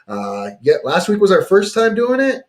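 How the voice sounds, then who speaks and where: A man's voice: high-pitched, huge pitch swings, normal speed. A man hosting a casual chat show, joking around and reading sponsor plugs. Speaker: talk show host.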